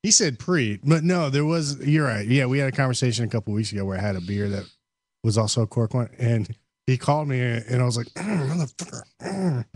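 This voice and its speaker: A man hosting a casual podcast chat, telling stories in an animated way and laughing often. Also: medium pitch, fast talker, no echo, studio quality. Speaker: podcast host.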